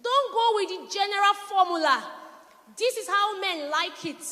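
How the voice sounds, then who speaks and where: High-voiced woman pastor in a reverberant hall. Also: normal speed. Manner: animated storytelling, quotes her husband. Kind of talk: sermon.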